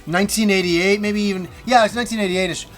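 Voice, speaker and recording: A middle-aged man hosting a casual chat about games, telling stories with lively animation and plenty of swearing. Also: high-pitched, fast, soft background music. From Canada. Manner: animated storyteller, swears freely. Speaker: host.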